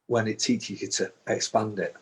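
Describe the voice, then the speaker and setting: A man with a low, husky voice tells a long story as a guest. He stumbles and restarts often, and he acts out each person's words as he goes. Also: flat delivery, normal speed. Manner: recounts events with repeated restarts and acted-out quotes. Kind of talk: storytelling in conversation.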